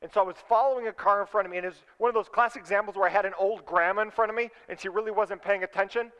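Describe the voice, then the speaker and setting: Animated high-voiced pastor in a hall. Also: male voice, rapid-fire, smooth, highs cut off. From California. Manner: animated storyteller, acts out his own voice. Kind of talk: sermon with storytelling. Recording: long hall reverb.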